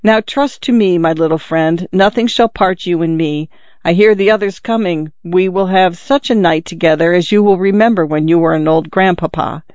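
Guy doing a big drunk sailor, boisterous and clingy, voice pushed up higher. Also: normal speed, darkish tone, dry recording, highs cut off, natural voice. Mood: coaxing.

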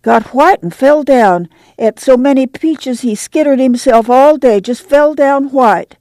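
A woman voicing an excited little girl who runs in to tell news. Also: high voice, unhurried, no echo, pitched above the performer's own voice.

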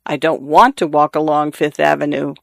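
Guy reading bored bitter drunk husband, blunt and flat, kinda high voice, dead dry mic. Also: moderate pace, creaky, no room sound. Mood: sullen.

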